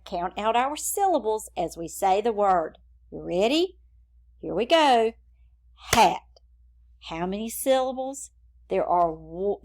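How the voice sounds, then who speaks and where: Slow, sing-song teacher woman. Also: medium pitch, a little mellow. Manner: slow, encouraging, sing-song classroom delivery. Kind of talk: children's phonics lesson.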